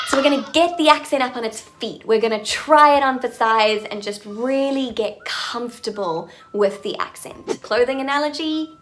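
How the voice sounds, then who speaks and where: A woman's voice: a little high, moderate pace, few pauses, background noise. A woman accent coach making an upbeat announcement to her viewers, with playful, jokey asides.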